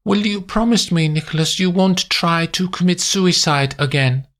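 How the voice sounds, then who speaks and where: A man reading a story aloud, voicing a calm, clinical female agent in a measured, unemotional way. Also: high-pitched, pitched above the performer's own voice.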